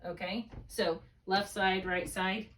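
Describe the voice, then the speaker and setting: A woman's voice: mid-range voice, steady tone, slow, fairly bright tone, distant mic. A woman tutoring a student one on one, explaining spelling rules patiently step by step and checking often that it makes sense. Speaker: reading tutor.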